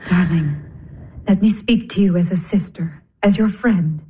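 An actress playing a gentle, sensible older sister who comforts tenderly. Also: female voice, lowish voice, a little slow, slightly rough. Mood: soothing. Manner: soothing, tender. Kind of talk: stage drama acting.

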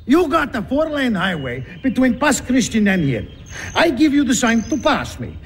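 An actor with an Italian accent playing a hot-headed truck driver who talks in broken English and breaks down sobbing. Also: male voice, extremely high pitch, huge pitch swings, moderate pace, slight background noise, full character voice. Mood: angry. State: crying. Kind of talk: film drama acting.

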